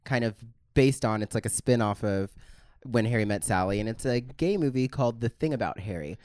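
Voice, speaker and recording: A man's voice: mid-range voice, expressive, a little fast, darkish tone, smooth, no echo. A man co-hosting a pop culture podcast, teasing and joking casually. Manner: jokey, teasing. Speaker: podcast co-host, actor.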